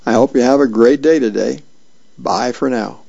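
A man volunteer reader reading comic strips and birthdays aloud in a slow, unhurried way with small fillers and restarts. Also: medium pitch, creaky, mellow, no echo, highs cut off.

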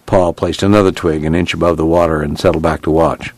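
A man hosting a radio reading service, narrating a novel aloud in a measured, even manner. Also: very deep voice, no room sound. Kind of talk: audiobook narration.

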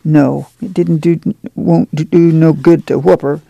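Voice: medium pitch, fairly even intonation, a little slow, creaky, dark tone, no room sound. Reader voicing weary drawling farm mother. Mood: firm. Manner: rural drawl, firm and plain-spoken.

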